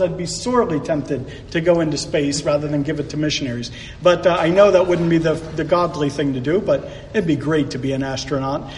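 A man preaching a sermon in a relaxed, conversational manner, dropping jokey asides between points. His voice sits high for a man and is picked up from a distance, with a long hall reverb and a faint room ambience behind it. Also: a little hiss or hum.

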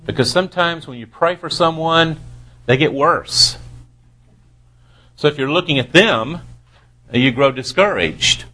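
Slow, deliberate male Bible teacher. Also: on the high side, pushed and bright. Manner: slow, deliberate, reads scripture with careful emphasis. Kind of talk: verse-by-verse Bible study teaching.

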